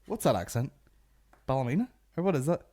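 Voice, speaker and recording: This time the Northern Irish host's voice is mid-range and sing-song, moving at a quick pace. He's recording his comedy podcast in a warm home garage, full of crude, rambling, sweary jokes.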